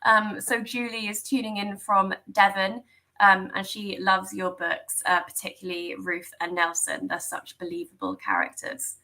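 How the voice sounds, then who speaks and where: Woman host, bright clear voice, friendly, lots of ums, video call. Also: medium pitch, normal speed, rough recording. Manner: friendly, frequent ums, giggly. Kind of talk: hosting a live online Q&A.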